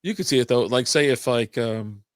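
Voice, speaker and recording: A man's voice: medium pitch, moderate pace, dry recording. A man co-hosting a casual podcast chat, telling rambling stories with frequent laughs and swearing. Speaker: podcast co-host. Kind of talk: casual beer-drinking chat.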